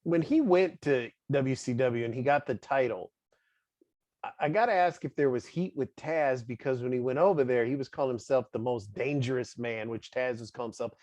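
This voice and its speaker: A man's voice: medium pitch, normal speed, darkish tone, no room sound. A man hosting a casual wrestling interview, chatty and laughing often as he asks questions. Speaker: interview host. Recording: dry, dull lo-fi audio.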